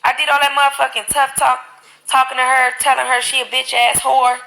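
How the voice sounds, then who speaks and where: A woman chats on her live stream, telling stories with plenty of swearing. Her voice is gravelly and edged with fry, and it has a bright, sharp tone. She talks straight into her phone. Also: sits high, a little fast, low-quality recording. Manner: animated, profane storytelling. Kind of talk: casual live-stream chat.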